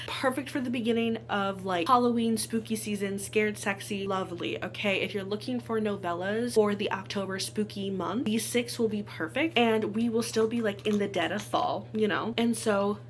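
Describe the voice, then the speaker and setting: A woman's voice: mid-range voice, normal speed, hardly any pauses, slight background noise. A young woman chatting casually in a reading vlog from home, giggly and rambling, sometimes dropping to a whisper. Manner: giggly and rambling, many "like"s, drops to a whisper at times. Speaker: booktube vlogger.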